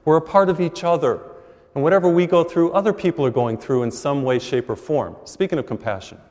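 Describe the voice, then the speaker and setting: Middle-aged priest preaching in a reverberant church. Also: male voice, on the high side, a little fast. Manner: animated storytelling with acted quotes. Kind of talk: sermon. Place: large church.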